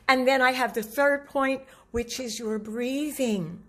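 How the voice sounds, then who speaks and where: A woman vocal coach giving a lively spoken lesson on voice use, demonstrating pitches as she talks. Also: measured pace, hardly any pauses. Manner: animated, demonstrates low and high pitches.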